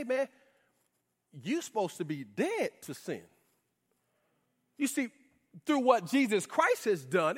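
A man preaching a sermon in a lively, conversational way with casual slang asides. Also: sits high. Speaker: pastor. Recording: reverberant hall.

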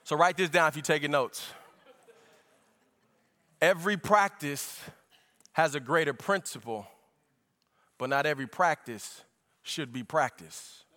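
A man's voice: on the high side, a little slow, pauses often, sharp tone. A pastor preaching a sermon to his church, speaking folksy and direct to the congregation, at times lifting into sung tones.

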